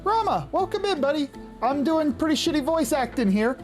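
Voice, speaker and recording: A woman's voice: high-pitched, big pitch swings, normal speed, a little mellow, soft background music. A young woman streaming a game, chatting casually with viewers, laughing often and swearing now and then. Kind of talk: casual live-stream chat.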